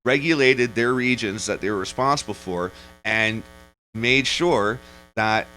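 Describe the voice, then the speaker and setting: A man's voice: on the low side, pushed and bright, a little hiss or hum, low-quality recording. A man, ranting casually in a vlog in a rambling, profane way that is full of restarts and digressions. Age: 40s. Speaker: vlogger. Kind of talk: casual rant.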